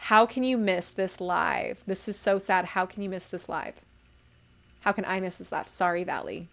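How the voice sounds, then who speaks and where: A woman's voice: on the low side, moderate pace, vocal fry. A young woman reviewing stories live, talking casually and enthusiastically with lots of fillers and asides. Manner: gushing, enthusiastic, chatty with many fillers. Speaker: livestream book reviewer. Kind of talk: casual live-stream commentary.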